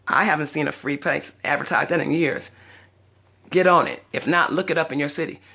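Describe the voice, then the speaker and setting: A woman's voice: deep voice, normal speed, gravelly, pushed and bright, breathy edge. A chatty older woman vlogging, telling a personal story dramatically and acting out the other people's voices. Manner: dramatic, chatty, acts out voices in her stories. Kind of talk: casual storytelling vlog.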